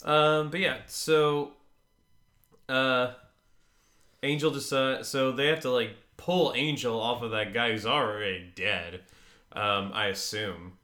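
A man's voice: medium pitch, fairly even intonation, takes it slowly, bright, forceful tone, roomy sound. A man co-hosting a podcast, recapping a TV episode in casual chat, rambling with many fillers and dry jokes. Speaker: podcast co-host.

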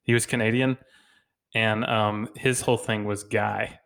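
A man's voice: lowish voice, level tone, measured pace, vocal fry, a bit bright. Man, 30s, podcast co-host, casual chat, joking, laughs a lot. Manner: joking, laughs often, playful voices for quotes.

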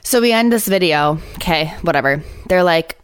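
A young adult woman with a slightly low voice tells a story on her podcast in loose, casual chat. She is animated and blunt and swears freely. The sound is dry and close, with no room to it. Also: moderate pace, clear, resonant tone, no room sound. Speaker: podcast host.

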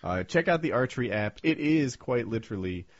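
A man's voice: medium pitch, fairly quick, dry recording. A man hosting a podcast, chatting casually and telling stories with plenty of filler words. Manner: lively storytelling, prone to filler words. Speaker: podcast host. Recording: dull, lo-fi, dry recording.

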